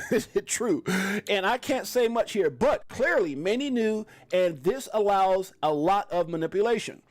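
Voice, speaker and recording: Man, African American English accent, high voice, animated, casual live-stream host, self-correcting. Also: measured pace. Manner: animated, shouts hype lines, self-correcting.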